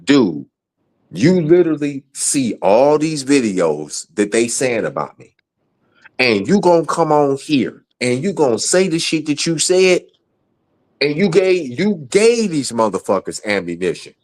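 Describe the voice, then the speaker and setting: A man's voice: a little high, sing-song, unhurried, darkish tone. A man angrily ranting on a livestream, profane and repeating himself. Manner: angry, profane, repetitive. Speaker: guest. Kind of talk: heated livestream rant.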